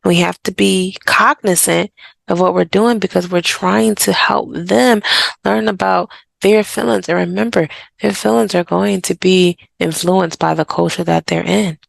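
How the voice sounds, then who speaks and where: A woman's voice: fairly low pitch, gravelly, no echo. A woman therapist and mother talking directly and casually to listeners, giving parenting advice in a conversational monologue. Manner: direct and conversational, slipping into quoted voices. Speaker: therapist and podcast host.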